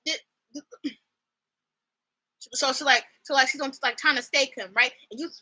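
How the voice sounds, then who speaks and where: Young female streamer, gushing and rambling about her shows, sharp and bright in tone. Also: high voice, moderate pace, rough recording. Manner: excitable, rambling, gushing with fillers. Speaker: streamer chatting with viewers. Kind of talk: casual fan chat.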